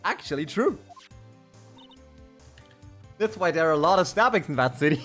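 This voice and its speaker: A man's voice: on the high side, animated, moderate pace, a bit bright, soft background music. Joking male game streamer. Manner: joking, laughing asides. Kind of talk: casual gameplay commentary.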